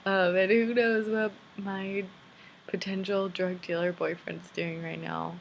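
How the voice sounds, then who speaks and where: A woman's voice: mid-range voice, level tone, slow pace, vocal fry, slight background noise. A woman in her twenties talking to a camera in a video letter to a friend, rambling, candid and self-deprecating. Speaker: vlogger.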